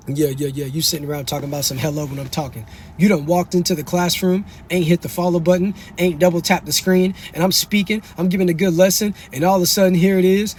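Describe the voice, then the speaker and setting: Young guy preaching on his live, slangy and cocky, talks real fast. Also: a little high, slight background noise. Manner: swaggering, preachy, slangy, moderating chat. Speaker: livestream host. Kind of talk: casual livestream monologue.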